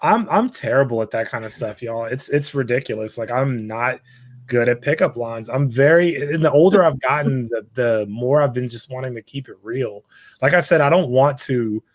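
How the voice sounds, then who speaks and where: A man chats as a podcast guest in an easygoing, candid way, often breaking into laughter. His voice is mid-pitched and the recording is dry and close. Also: moderate pace, dry recording. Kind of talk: casual podcast chat.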